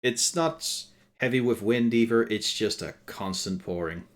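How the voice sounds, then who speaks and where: A man's voice: fairly low pitch, unhurried. A man narrating a tabletop game as game master on a live stream, in a dry, wry style with casual profanity.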